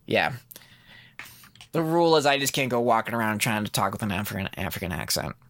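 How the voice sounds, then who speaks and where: A man's voice: lowish voice, very animated, a little fast, a bit bright, slight background noise. A man co-hosting a comics podcast in casual chat, rambling with lots of fillers and laughter. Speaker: podcast co-host.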